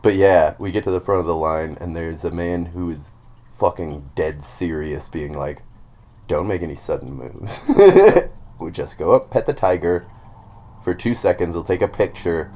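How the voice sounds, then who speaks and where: A man's voice: low-pitched, fairly even intonation, moderate pace, darkish tone. A man in his thirties chatting casually as a podcast co-host, telling a story with frequent swearing and laughter. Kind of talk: casual chat.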